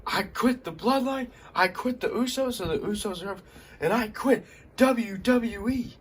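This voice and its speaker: A man acting out a young male wrestler loudly and slowly announcing that he quits. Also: sits high, husky, voice pushed up. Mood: defiant. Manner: shouting, drawn-out.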